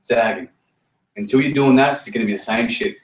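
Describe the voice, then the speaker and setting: A man's voice: medium pitch, a little fast. Blunt, swearing man, roomy and distant. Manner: swears freely, repeats himself, straight-talking. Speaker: team leader running a meeting. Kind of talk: blunt motivational talk.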